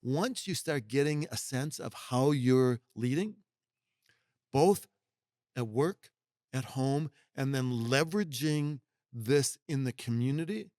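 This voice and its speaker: Speaking slowly with a somewhat dark tone, this middle-aged executive mentor appears as a guest in a podcast conversation, his pitch medium. His style is folksy and forceful, with occasional impressions of what others said. The sound is dry and studio-clean.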